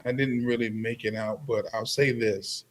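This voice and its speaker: A man speaking as a guest on a live podcast, making slow, deliberate, forceful statements. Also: medium pitch, flat delivery. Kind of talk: live-stream podcast discussion.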